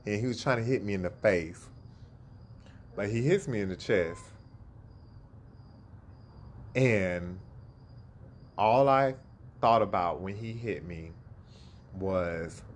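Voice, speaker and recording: A man casually telling a story, animated, acting out quotes and laughing at himself. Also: on the low side, slow, pauses often, a little hiss or hum. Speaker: storyteller guest.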